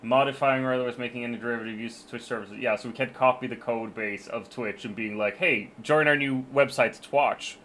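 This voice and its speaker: A man's voice: medium pitch, fairly even intonation, brisk, few pauses, fairly bright tone, a little hiss or hum. A man streaming live, reading terms of service aloud in casual chat, swearing and joking, stumbling and restarting his sentences. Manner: profane, joking, stammers and restarts often.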